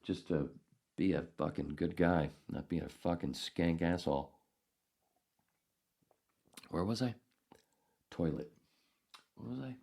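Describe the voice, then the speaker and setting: A man's voice: low voice, slow pace, creaky, long pauses, darkish tone, slightly rough. An older man hosting a podcast, telling a rambling, profane story in a casual, ranting way. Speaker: podcast host.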